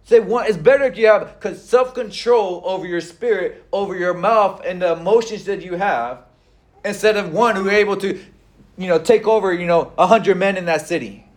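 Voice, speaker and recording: High-pitched guy preaching, middle-aged, loose conversational sermon w/ lots of "you know". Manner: conversational preaching with frequent fillers and pauses. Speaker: pastor.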